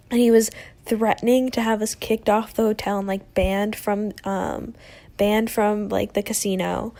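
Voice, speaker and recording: Young adult female podcast host, chatty storyteller, mellow and slightly gravelly. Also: on the high side. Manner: chatty, lots of "like" and "um", animated quoting. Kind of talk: casual storytelling.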